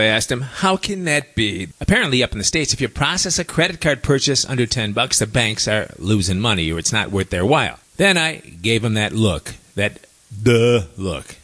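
A man hosting a show, telling travel stories in a chatty monologue with wry asides. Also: mid-range voice. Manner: chatty, wry asides, lively rising and falling delivery. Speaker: host. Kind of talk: casual storytelling monologue.

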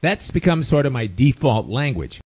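A man's voice: medium pitch, sing-song, normal speed, a little mellow, husky. An older man with a Chicago accent, telling a casual story full of wry, chatty asides. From United States. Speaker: expat storyteller.

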